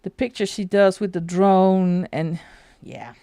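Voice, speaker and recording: Slow, gravelly woman chatting casually. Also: fairly low pitch, mellow, no echo, clean studio sound. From Netherlands. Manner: chatty, rambling, answers chat, laughs often. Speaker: coloring livestream host. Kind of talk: casual live-stream chat.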